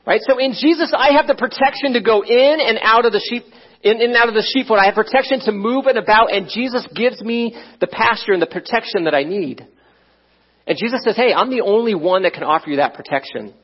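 A man's voice: sits high, fairly quick, breathy edge. A middle-aged man preaching a sermon, telling a personal story in a conversational way with frequent "right?" asides. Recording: dull, muffled sound.

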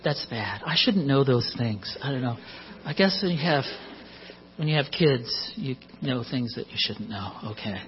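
A man's voice: mid-range voice, expressive, normal speed. A middle-aged man preaching a sermon in a conversational way, with joking asides, on a muffled recording with mains hum.

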